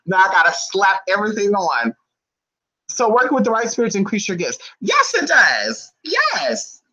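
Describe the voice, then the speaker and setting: A spiritual reader chatting live with viewers in a sassy, fast way, calling them honey, with big swings in pitch. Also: very animated, sharp tone, lo-fi sound. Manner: talks fast. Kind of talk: live-stream chat with viewers.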